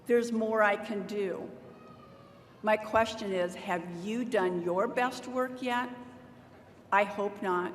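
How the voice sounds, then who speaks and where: A middle-aged woman, a university staff member, giving a motivational commencement address from a podium microphone and drawing cheers from the audience. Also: mid-range voice. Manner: deliberate, motivational, rallies the crowd for call-and-response cheers. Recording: roomy hall with long reverb, faint noise.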